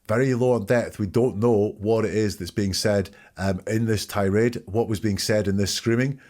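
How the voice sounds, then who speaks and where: A man's voice: on the low side, steady tone, normal speed, a little mellow. A man hosting a podcast, giving analytical commentary on a police interview and methodically picking apart its phrasing word by word. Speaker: podcast host.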